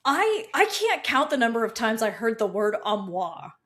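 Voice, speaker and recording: An American woman co-hosts a book podcast, thinking aloud in casual chat. Her voice sits fairly high, and she leans on fillers and breaks into light laughs. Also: big pitch swings, normal speed, fairly bright tone, a little hiss or hum. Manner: thoughtful, many fillers, laughs. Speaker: podcast co-host.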